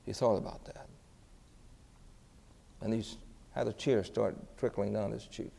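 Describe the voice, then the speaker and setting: A man's voice: lowish voice, fairly even intonation, a little slow, creaky, warm tone. A man preaching as a pastor, telling a story earnestly and asking the congregation questions. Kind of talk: sermon storytelling. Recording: echoey hall.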